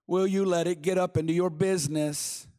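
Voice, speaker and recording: A man preaching a fervent sermon in a church, with a notably high voice. He hammers his points home by repeating short phrases. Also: fairly even intonation, moderate pace, warm tone. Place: church sanctuary.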